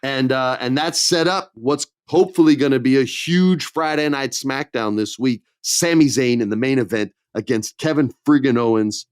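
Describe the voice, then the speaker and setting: A man's voice: mid-range voice, moderate pace, few pauses, smooth, no echo, clean studio sound. A man co-hosting a podcast, chatting casually through a wrestling recap and acting out the quotes in shifting voices. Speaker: podcast co-host.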